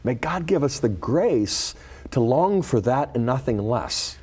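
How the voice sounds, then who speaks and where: A man teaching a Bible lesson, retelling a scripture story in an expressive, dramatic storytelling way. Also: mid-range voice, measured pace, breathy edge.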